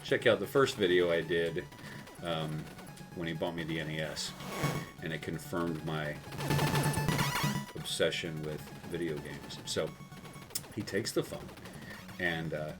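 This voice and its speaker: A man's voice: extremely low pitch, steady tone, slow pace, long pauses, over music. A man from South Texas telling a rambling, self-mocking story while he plays a game, laughing often. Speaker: gaming video host. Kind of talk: storytelling over gameplay.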